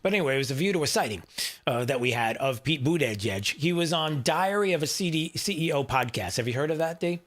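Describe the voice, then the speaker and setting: A man's voice: on the high side, lively intonation, fast, a bit bright. A male talk radio host speaking from a studio. He rambles in a casual, chatty way, full of fillers and asides to his producer off-mic.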